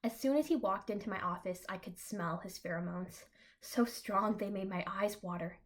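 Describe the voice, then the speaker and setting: Deadpan young woman reading her own story. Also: mid-range voice, moderate pace. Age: young adult. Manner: deadpan narration, breaking off with dry asides. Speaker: reader of her own fan fiction. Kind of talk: comic reading aloud with asides.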